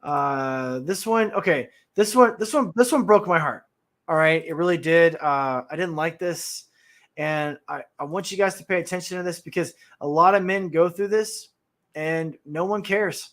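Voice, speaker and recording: Man, livestream host, blunt reaction commentary, animated, slightly high voice. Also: normal speed. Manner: blunt, animated, talks straight to viewers.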